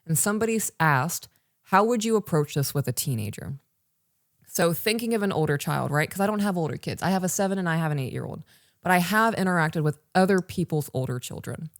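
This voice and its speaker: Her voice is on the low side, expressive and quick as this woman in her thirties co-hosts a casual parenting podcast. She speaks emphatically and directly to the listener in a live recording for online patrons. The audio is dry and studio quality.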